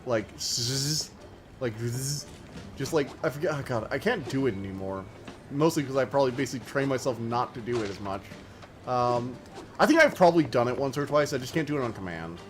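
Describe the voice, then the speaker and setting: A man's voice: medium pitch, expressive, fast, music in the background. An American man chatting loosely as he streams a game, rambling with lots of filler words. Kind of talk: casual let's-play commentary.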